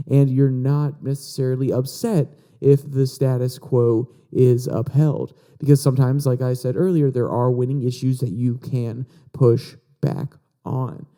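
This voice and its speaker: A man's voice: medium pitch, mellow. A man from Virginia hosting a podcast. He talks casually about political news, explains the articles and reads out quotes. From Virginia, USA. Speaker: podcast host.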